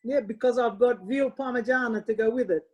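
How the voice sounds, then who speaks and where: A woman's voice: a little high, a little fast, highs cut off. An Australian woman co-hosting a wine show in casual, rambling chat, often correcting herself. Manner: chatty, rambling, self-correcting.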